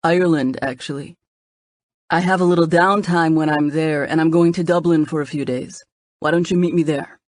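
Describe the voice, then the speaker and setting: A woman's voice: sits low, steady tone, normal speed, darkish tone, dry recording, studio quality, close to an everyday voice. A woman voicing a confident young man who jokes and teases playfully. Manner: teasing, playful.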